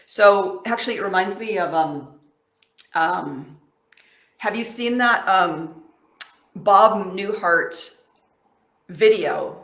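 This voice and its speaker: A woman's voice: mid-range voice, slow, long pauses, a bit bright, echoey room. A woman coach giving a casual motivational talk to camera in an encouraging, affectionate, conversational way.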